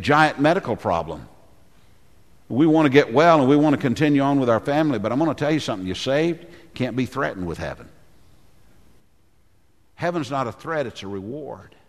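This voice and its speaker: A male pastor preaching a dramatic sermon, often clearing his throat and dropping low when he speaks as the giant. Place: church sanctuary. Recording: long hall reverb.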